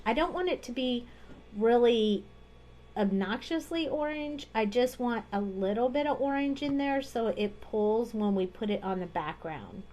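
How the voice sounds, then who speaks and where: Slow, chatty woman teaching card coloring. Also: a little high, slight background noise. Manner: relaxed, chatty, talks through each step. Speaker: card-making instructor. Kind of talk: live-streamed coloring tutorial.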